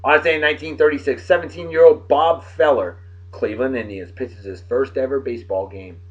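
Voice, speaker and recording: In a medium-pitched, fairly quick voice, a Massachusetts-accented host from Martha's Vineyard reads this-day-in-history facts on his daily beer video. He adds profane, joking asides, and the audio is dull and lo-fi.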